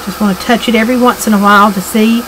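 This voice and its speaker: A woman's voice: medium pitch, fairly even intonation, fast talker, noisy background. A middle-aged woman with a Southern accent, chatting her way through a craft tutorial, rambling with ums and restarts. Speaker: craft demonstrator.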